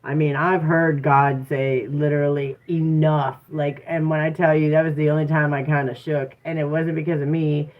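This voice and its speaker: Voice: mid-range voice, little pitch movement, moderate pace, few pauses. A tarot reader talking candidly in a casual live stream, often checking in with listeners by asking "right?". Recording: tinny phone-like sound.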